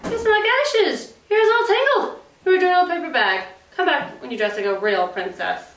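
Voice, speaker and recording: A woman voicing a vain young prince who sneers in a shrill, prissy tone, heard from a distance in a roomy space. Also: expressive, brisk. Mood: scornful. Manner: sneering, prissy, high-pitched.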